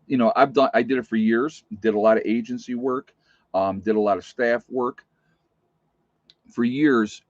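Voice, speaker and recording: Blunt low-voiced man telling nurse stories. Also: a little mellow, no room sound. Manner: blunt, plainspoken, emphatic. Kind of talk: casual storytelling vlog. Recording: dull, muffled recording.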